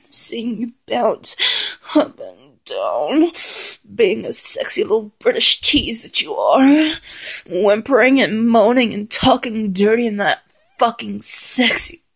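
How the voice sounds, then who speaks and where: A woman's voice: on the high side, sing-song, slow pace. A woman performing an intimate adult audio role-play in a dominant voice, murmuring, moaning and half-whispering close to the mic. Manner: dominant, breathy murmuring with frequent moans and half-whispered lines.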